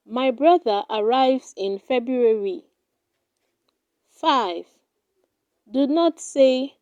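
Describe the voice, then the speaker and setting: A woman with a high but mellow voice reads a pronunciation lesson at a very slow, deliberate pace, saying each word twice. The recording is dry and close, with no room sound. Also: clear, resonant tone, no room sound, muffled recording. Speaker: pronunciation teacher. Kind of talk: slow scripted pronunciation drill.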